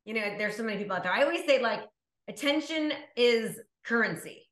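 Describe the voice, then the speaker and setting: Fast-talking bright woman host. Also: on the high side, lively intonation, reverberant. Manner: quick, affirming, repeats phrases. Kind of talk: conversational interview.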